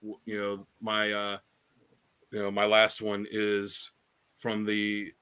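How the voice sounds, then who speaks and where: A man's voice: on the low side, completely flat delivery, slow, bright, forceful tone, clear, resonant tone. A man co-hosting a podcast, telling stories in a rambling casual chat with many fillers and restarts. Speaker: podcast co-host.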